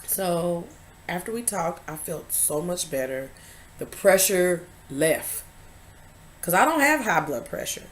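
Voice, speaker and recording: A woman's voice: lowish voice, sing-song, slow pace, a little hiss or hum. Woman confiding her story, emphatic. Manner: emphatic, confiding, swings between loud and hushed. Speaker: vlogger. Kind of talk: candid personal storytelling.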